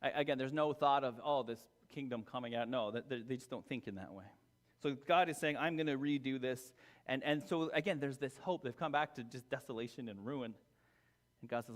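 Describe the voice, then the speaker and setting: Chatty pastor in a reverberant hall. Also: male voice, medium pitch, a little fast. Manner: chatty, self-deprecating, full of asides and restarts. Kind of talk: casual sermon. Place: church hall.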